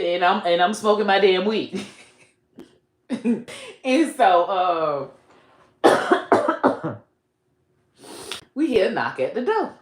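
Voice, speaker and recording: A woman's voice: lowish voice, reverberant. A woman comedian telling a profane, comic story and laughing between her lines.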